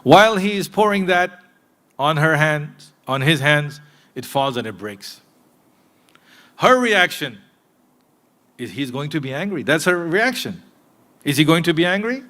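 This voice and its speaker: Earnest male preacher, fairly high voice. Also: very animated, unhurried, long pauses. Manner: earnest and direct, addressing listeners, swinging from emphatic to hushed. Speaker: mosque preacher. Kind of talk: sermon to a live congregation. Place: mosque.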